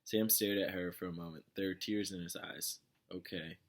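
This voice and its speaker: A man with a low voice reads a novel aloud in a casual way. He stumbles now and then and goes back over his words. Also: fairly even intonation, fairly quick. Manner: plain, with slips and restarts. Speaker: reader of a novel.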